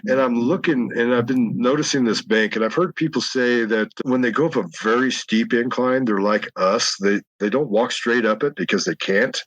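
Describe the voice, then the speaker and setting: A man's voice: fairly low pitch, fairly bright tone, dry recording, rough recording. A middle-aged man telling long, rambling stories in casual chat, often breaking into laughs. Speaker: guest telling encounter stories. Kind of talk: casual storytelling.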